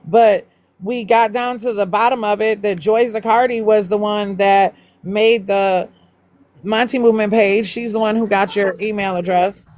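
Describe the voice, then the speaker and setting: A woman in casual livestream chat, blunt and profane, talking quickly. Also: mid-range voice, steady tone, darkish tone, no echo. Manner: blunt, swears a lot, fast talking. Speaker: livestream co-host.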